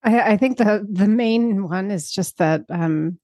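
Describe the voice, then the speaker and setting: A woman's voice: mid-range voice, a little slow, warm tone, dry recording, studio quality. A woman co-hosting a podcast, speaking frankly in easy conversation. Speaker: podcast co-host. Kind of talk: casual chat.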